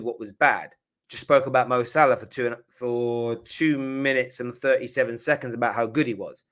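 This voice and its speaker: Brief: fired-up fan-channel host, bright forceful voice. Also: male voice, medium pitch. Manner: passionate, emphatic, swears when riled. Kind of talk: live-stream match reaction.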